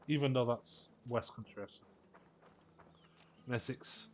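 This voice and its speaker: A man's voice: mid-range voice, steady tone, moderate pace, slight background noise. Jokey man streaming a game. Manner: jokey, mutters asides and puts on silly voices. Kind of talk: casual gameplay commentary.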